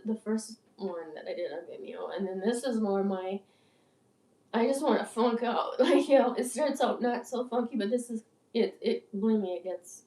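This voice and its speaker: Brief: woman, 60s, croaky and stuffed-up, mellow tone, meandering talk, sits back from the mic in a roomy space. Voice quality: croaky, deeper than usual. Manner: meandering, filler-heavy, swears casually. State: congested, clogged up. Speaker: musician and vlogger. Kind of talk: rambling casual monologue. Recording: roomy echo, distant from mic.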